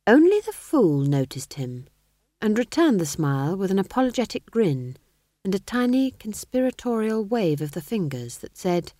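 Warm, expressive woman narrating a story. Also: medium pitch, moderate pace, dry recording, clean studio sound. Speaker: audiobook narrator. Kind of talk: scripted narration.

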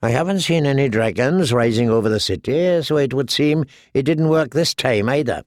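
A man's voice: medium pitch, animated, normal speed, no echo, lightly acted. A man reading an audiobook, voicing a blunt, sardonic lord who speaks dryly. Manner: dry and blunt.

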